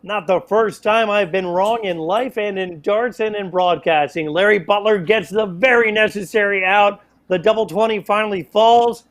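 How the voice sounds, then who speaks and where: A man calling a darts match live as play-by-play commentator, excitable and playful, with self-mocking asides. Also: sits high, moderate pace, hardly any pauses.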